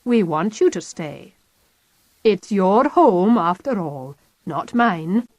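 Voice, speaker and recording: A woman voicing a calm, dry-mannered grown man in an audiobook. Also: fairly low pitch, very slow, no echo. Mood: even.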